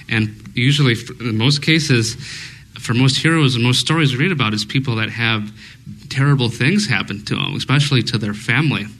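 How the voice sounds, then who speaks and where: A man's voice: lowish voice, pushed and bright, low-quality recording. A man co-hosting a casual fan discussion before a live audience, rambling and thinking aloud with many fillers. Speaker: podcast co-host.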